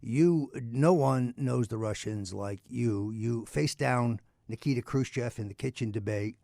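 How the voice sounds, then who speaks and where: Male radio host, mid pitch, halting delivery, dry close mic. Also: vocal fry, mellow, no echo. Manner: halting, full of uh's, with grand introductions. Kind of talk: talk radio interview.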